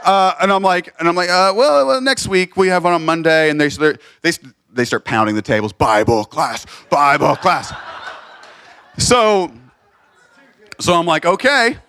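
A man with a slightly high voice recounts a story from his classroom, animated and quick to act out the people in it. The sound is close and dry, with no room around it. He often stumbles and restarts his sentences. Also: clear, resonant tone, dry recording. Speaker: teacher. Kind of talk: casual storytelling testimony. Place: Lebanon.

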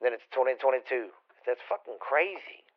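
A man's voice: mid-range voice, moderate pace, clean tone. A man, a regular podcast guest, rambling in folksy, profane casual chat. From Louisiana, US. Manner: rambling, profane, folksy, calls listeners babies. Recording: dull lo-fi recording.

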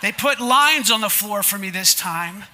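A man's voice: high-pitched, lively intonation, measured pace, pushed and bright, a little hiss or hum. A man preaching a sermon to his congregation in a church, emphatic and repetitive, often asking the listeners to say lines back with him. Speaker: pastor. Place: church sanctuary before a congregation.

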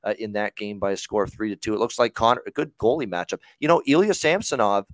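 A man's voice: fairly low pitch, lively intonation, fast, dry recording. A man hosting a hockey betting show, talking casually with lots of fillers and the odd swear word. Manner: rambling, profane, filler-heavy.

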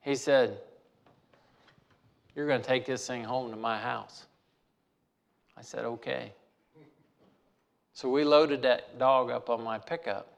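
A man's voice: medium pitch, vocal fry. A man telling a personal story in a folksy way, repeating phrases for emphasis.

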